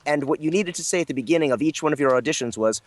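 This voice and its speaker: A man's voice: fairly high pitch, very fast, dry recording. A man guesting as a voice actor, telling a casual, rambling anecdote with lots of fillers and self-deprecating asides. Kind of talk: casual storytelling interview.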